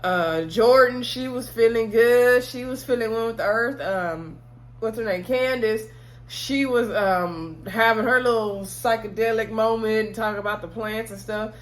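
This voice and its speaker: A woman's voice: on the high side, unhurried. A woman casually recapping a TV episode in chatty storytelling style, acting out what the characters said and laughing along. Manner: laughs often while telling. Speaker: TV episode reviewer.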